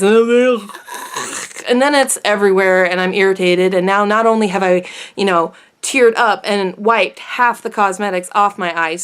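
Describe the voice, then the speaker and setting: A woman's voice: medium pitch, a bit bright. A woman beauty vlogger chatting casually to camera at home, rambling and self-deprecating.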